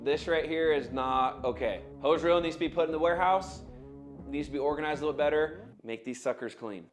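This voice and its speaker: A man's voice: fairly high pitch, a little fast, faint music behind. Upbeat man running a team meeting. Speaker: business owner leading a team meeting. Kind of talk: morning team meeting talk.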